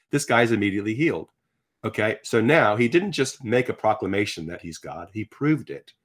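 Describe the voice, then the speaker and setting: A man in his sixties telling his conversion story in conversation, animated, acting out quotes as he talks. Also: lowish voice, normal speed. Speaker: guest sharing his testimony. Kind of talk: conversational faith testimony.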